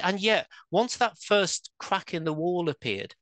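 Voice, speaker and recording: A man in his fifties with a southern English accent talks as a podcast guest, building emphatic arguments and posing rhetorical questions. His voice is bright and crisp, and it sounds close and dry with no room echo. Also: sits high, sing-song, measured pace. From England. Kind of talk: conversational interview.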